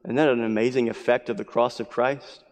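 A man preaching a sermon as pastor, earnest, repeating his phrases and dropping to a hushed voice for emphasis. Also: medium pitch, steady tone, fairly quick. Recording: long hall reverb.

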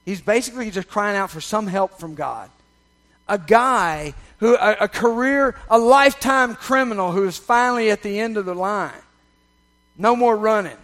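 A man preaching a sermon, swinging from loud, emphatic passages to soft, confiding ones and checking in with the congregation. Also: high voice, moderate pace. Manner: conversational, checks in with the audience. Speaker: pastor.

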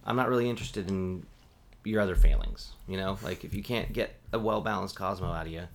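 Animated man telling bar stories. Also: low voice, a little fast, gravelly. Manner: animated storyteller, acts out quoted voices, heavy "like" filler. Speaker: bartender. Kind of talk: casual chat.

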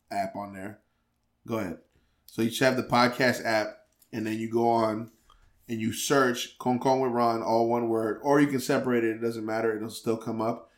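A man's voice: mid-range voice, fairly bright tone, reverberant. Guy hosting his podcast, rambly, teasing his buddy, mid voice. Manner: rambling, stumbling restarts, playful teasing. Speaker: podcast host. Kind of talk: casual podcast chat.

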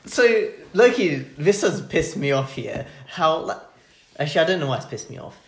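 A man's voice: on the high side, sing-song, normal speed. A young man in casual podcast chat who stammers into his sentences and asks questions. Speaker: podcast co-host. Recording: roomy echo.

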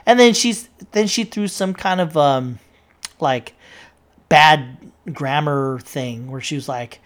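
Woman with a low voice, casual storyteller, rambling with fillers and frequent swearing. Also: slow pace. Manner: rambling, profane, many fillers and restarts. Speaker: social media poster recounting an argument.

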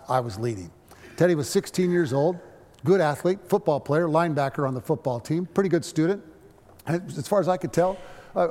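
A pastor preaching in a reverberant hall. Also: male voice, a little high, darkish tone. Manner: storytelling with frequent restarts and slow emphasis on quotes. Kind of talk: sermon.

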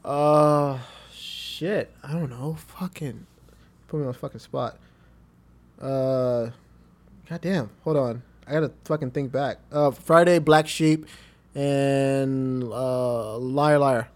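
A man's voice: medium pitch, steady tone, slow pace. A man co-hosting a podcast, hesitating with many fillers and swearing heavily as he answers. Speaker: podcast co-host. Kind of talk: casual podcast banter.

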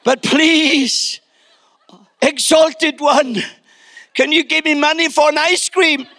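A man's voice: extremely high pitch, fairly even intonation, slow pace, gravelly, sharp tone, pitched above the performer's own voice, heavily acted. An older man voicing a timid little boy who grovels and begs his father, with trembling, overly humble pleading. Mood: groveling.

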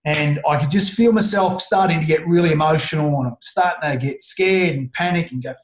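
A middle-aged Australian man telling a personal story in an interview, earnest and halting, often restarting his sentences. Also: on the high side. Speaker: guest. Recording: roomy echo.

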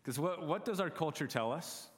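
A man's voice: on the high side, expressive, moderate pace. A man in his thirties preaching a sermon, telling a self-deprecating, humorous story about his family. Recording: long hall reverb.

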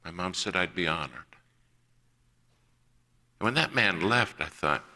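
A man's voice: deep voice, animated, a little slow, long pauses, pushed and bright. A man preaching a sermon, telling a personal story and acting out the voices of the people in it.

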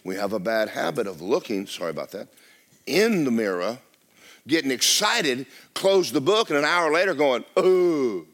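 A middle-aged male pastor, preaching loudly and with life, often dropping to a hush. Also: mid-range voice, normal speed. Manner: loud, lively preaching with sudden drops to a hush. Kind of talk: sermon. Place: church.

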